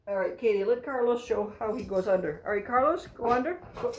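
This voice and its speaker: A woman's voice: mid-range voice, brisk, hardly any pauses, a little mellow, roomy sound, distant mic, a little hiss or hum, rough recording. A woman chatting casually at home while giving cheerful commands to her three dogs. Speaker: therapy dog handler.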